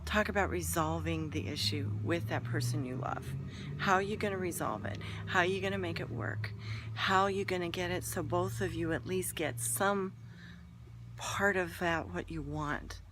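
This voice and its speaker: A woman's voice: fairly low pitch, normal speed, background noise. A woman hosting a relationship advice talk. She speaks earnestly and emphatically, repeats key points and sometimes drops to a whisper for emphasis.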